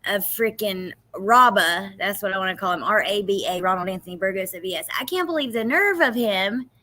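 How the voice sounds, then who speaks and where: A woman's voice: mid-range voice, lively intonation, fairly quick, bright, forceful tone. A woman streaming commentary on interrogation footage, reading viewers' names and reacting with outrage. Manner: outraged, talks to viewers in chat. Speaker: true crime streamer.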